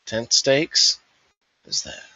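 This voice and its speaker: Slow, bright-voiced rambling man. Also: no echo, lo-fi sound. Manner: rambling, thinking aloud. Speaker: host reviewing a vendor fair. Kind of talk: casual voice-over commentary.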